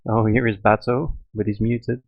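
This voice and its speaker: A man co-commentating a gaming league draft, relaxed and easygoing with lots of fillers. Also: on the low side, normal speed, dry recording, muffled recording. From Europe. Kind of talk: casual stream commentary.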